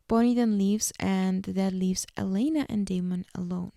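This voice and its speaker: A woman's voice: mid-range voice, fairly even intonation, moderate pace, gravelly, hardly any pauses, dark tone, no room sound, studio quality. A woman podcast host chattily recapping a TV episode, peppered with fillers.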